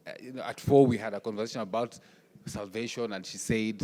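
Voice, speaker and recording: Guy giving a workshop talk, lively storyteller, voices the dialogue, echo from a big hall. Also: fairly low pitch, fast talker. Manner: animated, acts out family dialogue. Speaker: workshop speaker. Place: conference hall. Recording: reverberant hall.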